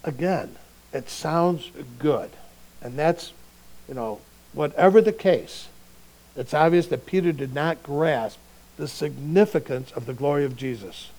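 A male pastor preaching a sermon in a conversational way, swinging between quiet reflection and emphatic bursts. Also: fairly high pitch, a little slow, poor audio.

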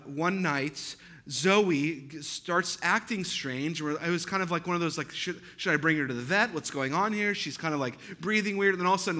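A man's voice: on the high side, sharp tone. A man in his thirties, a pastor, preaching a sermon in a loose, conversational storytelling way, full of repetitions and asides.

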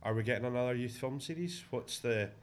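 A man's voice: medium pitch, a little fast. A middle-aged man with a Scottish accent hosting a casual faith conversation, chatty and affirming. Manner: chatty, affirming, frequent "do you know". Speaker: podcast host.

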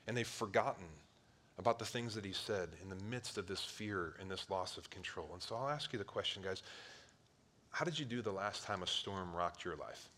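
Animated male pastor with a bright, forceful voice. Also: low voice, normal speed. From Ohio, near Cleveland. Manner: animated, acts out voices, swings from loud to hushed. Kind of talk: sermon.

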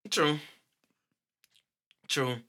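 A man co-hosting a casual chat, animated and profane, laughing often and acting out quotes. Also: very slow.

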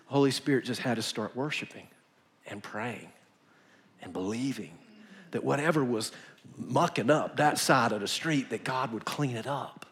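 Animated preacher, emphatic storytelling. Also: male voice, medium pitch, moderate pace. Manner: animated, emphatic, acts out quotes in a whisper or shout. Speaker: pastor. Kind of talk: storytelling sermon.

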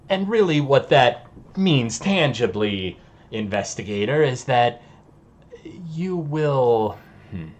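A man acting out an ancient, sly demon in a tabletop game, with a slow, hushed and ominous delivery. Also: lowish voice, slightly rough, full character voice. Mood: cool bargaining. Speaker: game master voicing a character. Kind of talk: tabletop game role-play.

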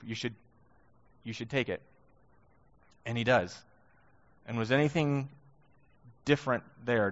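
A man preaching a sermon in a relaxed, conversational way, with many rhetorical questions. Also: mid-range voice. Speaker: pastor. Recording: muffled sound with long hall reverb.

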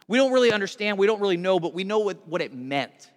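A male pastor tells the story with animated energy and speaks directly to his congregation. His voice sits high for a man, and a long reverb hangs in the church hall. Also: quick pace. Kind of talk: sermon.

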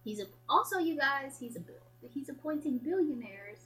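Young US-born woman co-host, high bright voice, teasing and excitable. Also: moderate pace, a little hiss or hum. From United States. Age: young adult. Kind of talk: casual chat.

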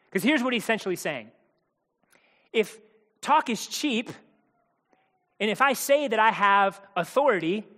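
A man's voice: high-pitched, fairly bright tone, in a large hall. A man preaching a sermon in a conversational, emphatic way, acting out the quotes he tells.

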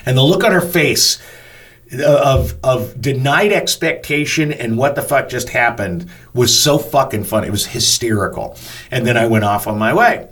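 A man recounts a workplace story with casual energy, cursing freely and acting out the people in it. His voice sits at an ordinary middle pitch. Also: normal speed. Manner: animated, casual, swears freely. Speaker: front of house manager. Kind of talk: personal storytelling.

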